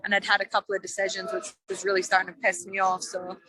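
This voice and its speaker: A woman's voice: medium pitch, completely flat delivery, fast talker, noisy background. A young woman with a mixed Scottish and Australian accent, talking bluntly and confidently as a guest in a casual interview. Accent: Scottish with Australian mix. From Scotland, raised in Australia. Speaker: UFC fighter guest. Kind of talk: casual interview over a call.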